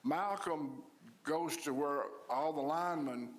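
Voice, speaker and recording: A man addresses a public meeting as a commissioner. He tells stories in a plain, folksy way, often stopping and restarting his sentences. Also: a little high. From Louisiana. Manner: storytelling, down-to-earth, halting restarts.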